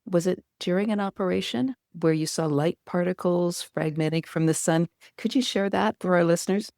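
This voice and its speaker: A woman's voice: on the low side, normal speed, creaky, a little mellow, no room sound, clean studio sound. A woman hosting a podcast interview, affirming her guest and asking reflective questions. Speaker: podcast host. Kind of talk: interview conversation.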